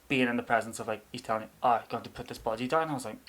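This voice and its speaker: A man's voice: medium pitch, racing. Guy, 30s, laughs a lot telling stories on a casual podcast. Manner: animated storyteller who laughs often. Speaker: podcast co-host. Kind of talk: casual chat.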